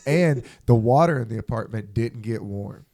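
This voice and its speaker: A man's voice: medium pitch, animated, normal speed, dark tone. A young man telling stories on a podcast in a casual, profane, laughing way. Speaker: podcast co-host. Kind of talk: casual chat.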